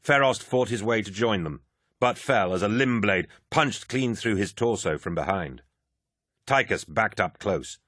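A male narrator with a lowish voice reads a battle-heavy science fiction audiobook. His delivery is dramatic and lively, swooping through a wide pitch range, recorded dry and close with no room sound. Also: unhurried, dry recording. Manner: dramatic, vivid action reading.

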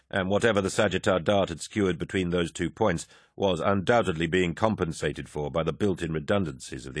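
A man narrating an action-heavy audiobook in a measured, grave delivery. His voice is very deep, and the recording is dry and close with no room sound. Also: no room sound. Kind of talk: scripted narration.

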